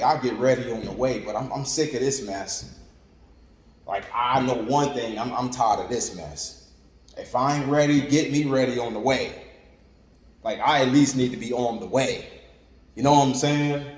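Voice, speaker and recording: A man's voice: medium pitch, a little mellow. A man preaching an informal sermon in a conversational, repetitive way, with lots of "like" and "you know what I'm saying". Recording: echoey room with long reverb and faint ambience.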